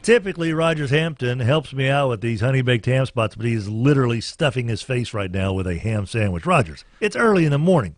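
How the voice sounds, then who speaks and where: A man's voice: expressive, quick pace, few pauses, noisy background. A man hosting a morning radio show, joking through sports updates and live ad reads in a bouncy, playful way. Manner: jokey, bouncy delivery with swings in pitch.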